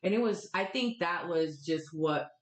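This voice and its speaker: Podcast guest: young woman from Florida, lowish voice, chatty and blunt, recorded in an echoey room. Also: measured pace. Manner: animated, candid storytelling with casual swearing. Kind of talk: casual chat.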